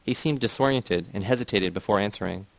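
Low-voiced man reading dense prose. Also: fast, gravelly, no echo, rough recording. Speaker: audiobook reader. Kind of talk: scripted narration.

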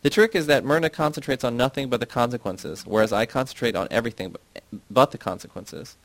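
A man's voice: medium pitch, brisk, dry recording, close to an everyday voice. A man playing an earnest, defensive young idealist. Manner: earnest, argumentative explaining.

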